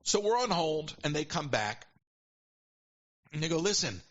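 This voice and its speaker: A man casually telling a long story as a podcast guest, animated and quick to quote people in put-on voices. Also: fairly high pitch, dull audio. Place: at home.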